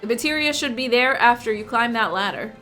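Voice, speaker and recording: A woman reading aloud the lines of a gruff, cursing middle-aged male pilot from a game, in her own high, bright voice. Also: brisk, faint music behind. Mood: blunt.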